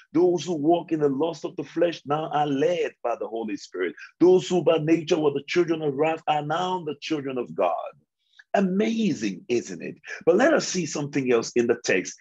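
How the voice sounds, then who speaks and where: Slow, husky-voiced preaching man, lo-fi. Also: on the high side, a little mellow. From Liberia. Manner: slow, emphatic preaching with repeated phrases. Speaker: pastor. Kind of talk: devotional sermon.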